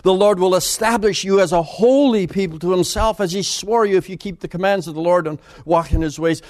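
Guy preaching a sermon, kinda high voice, gets loud and big on the verses then goes real quiet. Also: a little fast, few pauses. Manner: dramatic swings between booming scripture reading and quiet asides.

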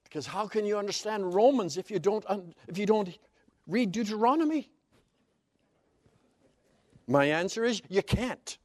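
A man's voice: high-pitched, lively intonation, moderate pace, pauses often, a little mellow, no room sound. A man preaching a sermon as Bible teaching, stressing key words emphatically and explaining Hebrew terms one by one.

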